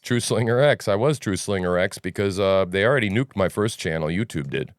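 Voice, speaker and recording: A man's voice: on the low side, expressive, fairly quick, no room sound. A man hosting a news commentary podcast, talking casually in a rambling, sarcastic way. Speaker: podcast host.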